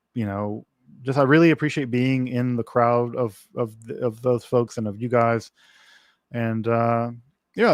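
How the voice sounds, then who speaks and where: A man's voice: mid-range voice, dry recording. A man hosting a casual livestream Q&A, rambling with many fillers and restarts. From working-class background. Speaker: livestream host.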